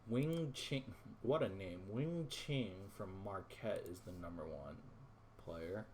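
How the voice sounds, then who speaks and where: A man's voice: on the low side, expressive, slow pace, a little mellow, slight background noise. A man ranting to his viewers in casual gameplay commentary, frustrated, swearing and rambling, calling them "boys". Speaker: gaming YouTuber.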